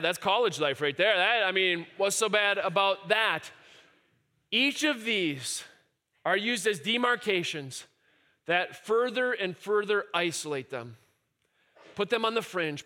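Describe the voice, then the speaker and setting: A man preaching a sermon, animated, dropping to quiet musing and rising to shouted cries. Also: sits high. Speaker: pastor.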